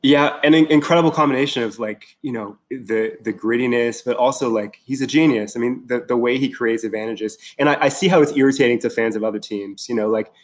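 A man chatting casually as a guest, excited and rambling, full of fillers and restarts. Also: mid-range voice, brisk, hardly any pauses. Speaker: podcast guest. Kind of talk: casual chat.

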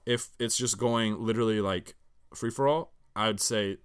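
A man in a casual sports chat with a laid-back, low-key delivery and dry jokes. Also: moderate pace, clean tone.

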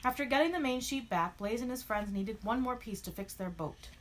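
Expressive woman reading a kids' story. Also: a little high, fairly quick, slight background noise. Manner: expressive, animated read-aloud. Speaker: storybook narrator. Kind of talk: reading a children's story aloud.

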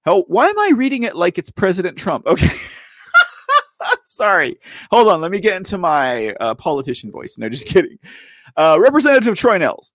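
A man's voice: sits high, big pitch swings, moderate pace, no echo, studio quality. A man hosting a political commentary show in a playful, rambling way, often correcting himself. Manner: playful, rambling, self-correcting, keeps saying ladies and gentlemen. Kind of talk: casual live commentary.

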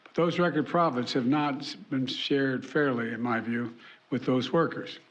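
A man making a formal public statement, deliberate and halting with restarts. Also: medium pitch, fairly even intonation. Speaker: politician giving remarks. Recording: dull lo-fi broadcast clip.

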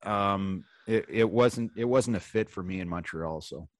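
A man hosting a podcast, a former pro hockey player telling stories in a rambling, halting way full of fillers. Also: sits low, dry recording. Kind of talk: casual chat.

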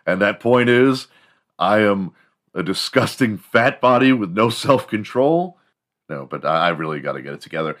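A man's voice: lowish voice, very animated, moderate pace, fairly bright tone. A man from Houston hosting a podcast, talking in a crude, joking, rambling solo monologue. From Houston, Texas. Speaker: podcast host.

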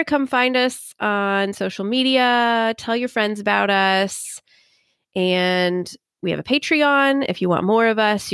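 A woman's voice: mid-range voice, a bit bright, smooth, dry recording, clean studio sound. A young woman co-hosting a casual true-crime podcast, chatty and earnest, with lots of "like". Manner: chatty, earnest, says "like" often. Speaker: podcast co-host.

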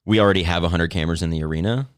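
A man's voice: low voice, racing, no room sound, studio quality. A man hosting a casual sports podcast, talking in a playful, rambling way. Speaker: podcast host.

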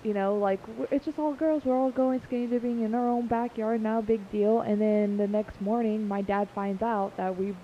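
A woman's voice: on the high side, fairly even intonation, normal speed, hardly any pauses. A young adult woman chatting on her dad's family podcast, a giggly, rambling storyteller who fills with "like" and "um". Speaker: podcast guest, host's daughter. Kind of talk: casual family podcast chat. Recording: muffled lo-fi with faint hiss.

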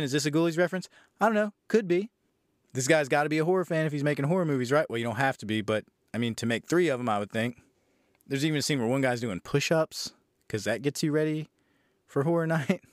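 A man's voice: mid-range voice, dry recording, studio quality. A man hosting a podcast, casually retelling a movie's plot with profanity, sarcasm and disbelief. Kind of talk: casual movie review recap.

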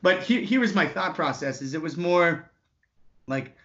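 A man in his twenties telling an animated story, swearing freely and acting out the other people's lines. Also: a little high, a little slow, lo-fi sound.

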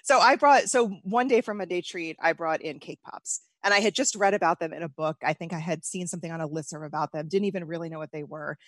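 A woman's voice: lowish voice, quick pace, hardly any pauses, no echo. Woman, bakery owner guest, chatty and easy laugh, dry close mic. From United States. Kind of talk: casual interview.

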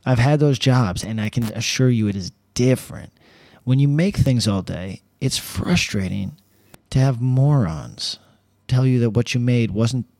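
A man's voice: medium pitch, a little mellow, no echo, rough recording. A man talking in a casual, rambling monologue, sarcastic and profane, ranting as he tells a travel story from his hotel room. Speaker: travel vlogger.

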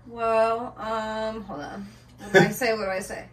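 A woman's voice: fairly high pitch, level tone, measured pace. A woman co-hosting a casual comedy podcast, giggly and self-deprecating. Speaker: co-host. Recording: roomy, distant mic with loud crowd noise.

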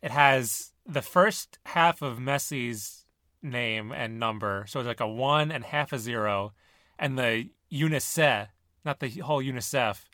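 Bright dry-sounding podcast host man. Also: mid-range voice, no room sound. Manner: leads the talk, asks questions, quick quips. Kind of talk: casual football banter.

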